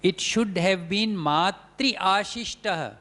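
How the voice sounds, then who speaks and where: A man with an Indian English accent giving an academic lecture on Sanskrit texts, explaining deliberately with many hesitations. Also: high-pitched, pushed and bright.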